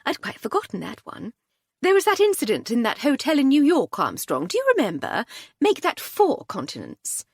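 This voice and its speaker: A woman's voice: high voice, wildly swooping pitch, normal speed, slightly rough, dry recording, pitched above the performer's own voice, exaggerated voice. A woman narrator voicing a witty, unflappable upper-class lady detective with a dry, breezy manner. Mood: arch.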